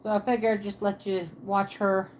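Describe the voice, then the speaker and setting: A woman's voice: medium pitch, level tone, normal speed, a little mellow, slight background noise. A woman from Pennsylvania with a Pennsylvania Dutch accent and a Southern twang, chatting casually on a livestream from her apartment and answering viewers' comments aloud.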